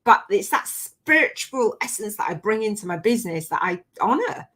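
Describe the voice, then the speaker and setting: A woman hosting a live online coaching session in a gushing, animated way, sometimes near tears. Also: medium pitch, moderate pace. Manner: gushing, animated, often laughing; emotional, near tears at times. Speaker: spiritual business coach hosting a live challenge. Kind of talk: live-streamed coaching chat.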